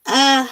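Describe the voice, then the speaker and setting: A woman hosting a live crafting stream from her home craft room, chatting and reading out viewer comments with frequent laughter. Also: bright, forceful tone. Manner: bubbly, laughs often.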